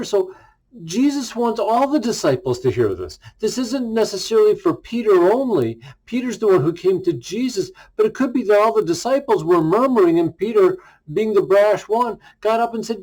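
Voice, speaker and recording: A male pastor giving a relaxed daily devotional, reading scripture and retelling it in a casual, conversational way. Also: high voice, moderate pace, low-quality recording.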